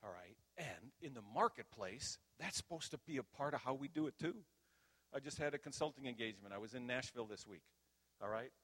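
Animated, bright-voiced middle-aged male preacher. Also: mid-range voice, a little fast. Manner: animated, acts out quoted dialogue loudly. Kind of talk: storytelling sermon.

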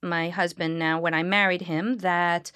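A woman, a Reformed Jewish clergy member, speaking in a reflective interview with a smile in her voice and earnest, halting storytelling. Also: on the low side, little pitch movement, a bit bright, clean tone, no echo, studio quality. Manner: smiling, earnest storytelling with frequent pauses and restarts. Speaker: Reformed Jewish clergy leading healing services.

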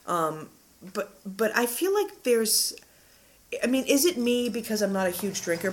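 A woman's voice: mid-range voice, slight background noise. A woman co-hosting a casual podcast book review, frank and profane, a little tipsy from drinking. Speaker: podcast co-host.

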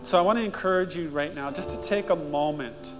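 A male pastor giving an encouraging sermon, then leading a prayer. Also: brisk. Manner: warm encouraging preaching, rising to animated high-pitched mimicry. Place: church sanctuary. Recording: long church reverb with soft guitar. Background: soft guitar music.

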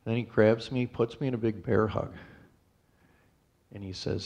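A man gives his testimony in a church in a low, rough, gravelly voice. He tells his story plainly, pausing and restarting as he goes. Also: steady tone, a little mellow. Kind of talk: personal testimony to a congregation.

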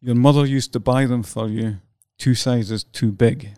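An older Scottish man co-hosting a podcast, chatting in a wry, deliberate and slightly pompous way. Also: medium pitch, steady tone, darkish tone, clear, resonant tone, dry recording, clean studio sound. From Scotland. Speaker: podcast co-host. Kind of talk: casual chat.

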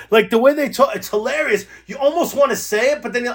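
High-voiced, swearing New Jersey guy. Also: fast, hardly any pauses. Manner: swears constantly, laughs through his stories, rambling. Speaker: podcast host. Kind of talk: casual chat.

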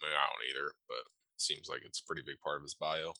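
Low-voiced dude rambling on a podcast, lots of likes and ums, bright edgy tone, dry close mic. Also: male voice, fairly even intonation, brisk, creaky, no echo, low-quality recording. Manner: rambling, filler-heavy, swears casually. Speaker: podcast co-host. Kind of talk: casual chat.

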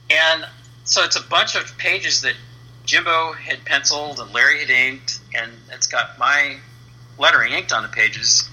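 Husky and mid-range, his voice comes through poor audio as he casually relates an anecdote during an interview. The guest, a comic book letterer in his fifties, is a lively teller who acts out quoted speech.

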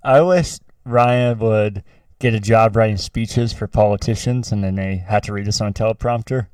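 A man co-hosting a casual chat podcast who laughs a lot and chimes in with quick jokes. His voice is on the low side and heard a little away from the mic. The sound is dry, with no room echo. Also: darkish tone, clear, resonant tone, far from the mic. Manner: laughs a lot, adds short joking remarks. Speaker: podcast co-host.

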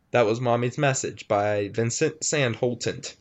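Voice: mid-range voice, a little slow, hardly any pauses. A casual reader who giggles and stumbles over words while reading a scary story aloud to friends, on a lo-fi recording.

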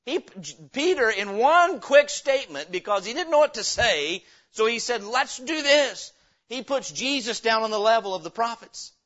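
A man preaching a sermon as pastor, reading scripture slowly and breaking into sudden loud, emphatic bursts. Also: very high voice, lo-fi sound.

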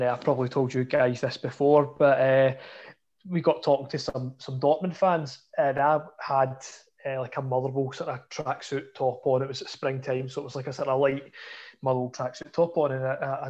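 A man's voice: mid-range voice, little pitch movement, fairly quick, a little mellow. A young Scottish man telling a story in a chatty, self-mocking way. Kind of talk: casual storytelling. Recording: dull lo-fi audio.

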